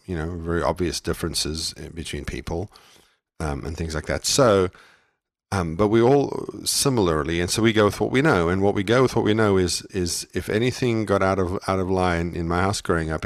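A man's voice: low-pitched, fairly quick, no room sound, studio quality. A man from South Africa co-hosting a parenting podcast, talking in a reflective, self-deprecating way with many restarts. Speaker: podcast co-host. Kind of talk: casual parenting podcast chat.

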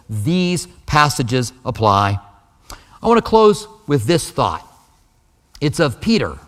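A man delivering an earnest sermon, reading scripture and retelling stories with dramatic pauses and rising emphasis. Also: on the high side, a bit bright, big-room sound. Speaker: pastor.

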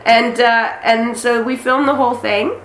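A woman acting as interview guest, telling lively stories in casual chat, acting out quotes and swearing freely. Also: on the high side, normal speed. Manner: animated storyteller, acts out quotes, swears freely. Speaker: actress and guest. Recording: roomy echo with faint noise.

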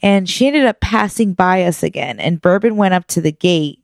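A woman in casual chat, telling a lively story, laughing often and acting out the voices of the people in it. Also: fairly low pitch, moderate pace, vocal fry, no echo, studio quality.

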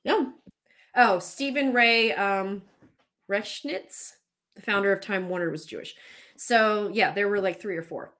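A woman's voice: mid-range voice, unhurried, fairly bright tone. A woman hosting a casual chat, talking candidly and swearing now and then as she runs through what she looked up. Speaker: host.

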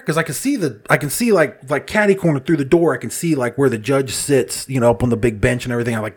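A man's voice: medium pitch, fast, few pauses, husky. A man telling a casual, comedic story, swearing freely and laughing at his own exasperation as he acts out other people's lines.

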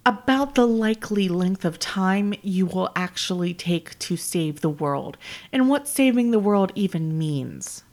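A woman voicing a flustered woman speaking to her ex-partner, halting and correcting herself with many pauses. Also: lowish voice, expressive, a little mellow. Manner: halting, hesitant, many ums and self-corrections.

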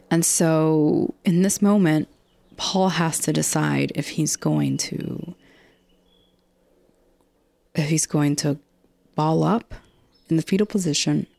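A woman with a low, gravelly, dark-toned voice hosts a casual podcast recapping a TV episode, recorded dry. She chats and rambles, restarting often and swearing casually.

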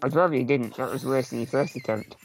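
A man's voice: medium pitch, fast, soft background music. A man co-hosting a casual podcast, dry-humoured and rambling with plenty of ums. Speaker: podcast co-host. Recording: dry, dull home mic.

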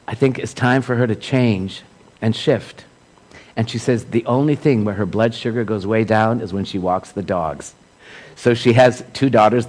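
A man's voice: on the low side, a little mellow, rough recording. Reflective man giving an informal sermon. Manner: reflective, with emphatic repeated phrases. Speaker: spiritual teacher.

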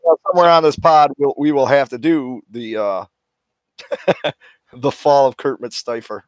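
A man's voice: medium pitch, measured pace, no room sound. A man co-hosting a podcast in casual chat, throwing in wry, teasing quips. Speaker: podcast co-host.

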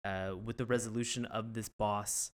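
A man's voice: on the low side, fairly even intonation, moderate pace. A man co-hosting a casual podcast, retelling cartoon scenes with lots of laughter. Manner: laughs often, retells scenes with put-on voices. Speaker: podcast co-host. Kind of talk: casual chat reviewing a cartoon.

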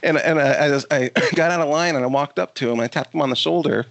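A man's voice: on the high side, fast talker, vocal fry, a bit bright, dry recording. A man co-hosting a podcast, telling a story in a casual, profane way with lots of restarts. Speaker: podcast host.

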